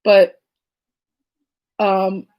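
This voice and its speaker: A woman in her late thirties telling a story in a casual vlog chat. She talks in a rambling, digressive way with lots of fillers, and her tone is soft and reflective. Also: mid-range voice, little pitch movement, extremely slow. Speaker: crochet and knitting vlogger.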